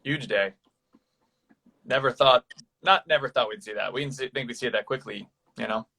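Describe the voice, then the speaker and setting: A laid-back man in his thirties co-hosts a live online chat and reads out viewer questions. He talks casually, with slang and a joking tone. His pitch is ordinary and mid-range. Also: normal speed, creaky, bright, forceful tone.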